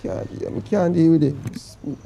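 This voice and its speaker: An actor with a Jamaican accent playing a remorseful boyfriend who pleads dramatically to be taken back. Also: male voice, fairly high pitch, fairly quick, vocal fry, mellow, slight background noise. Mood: pleading. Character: pleading remorseful boyfriend begging to come home. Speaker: actor in comedy sketch. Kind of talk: comedy sketch acting, phone call.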